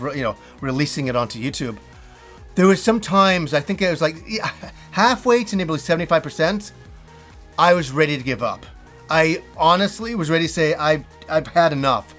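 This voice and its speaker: Brief: middle-aged man, slightly high voice, excitable rambling vlog host, faint music underneath. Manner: enthusiastic, rambling storyteller who acts out quotes. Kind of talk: casual reminiscing vlog.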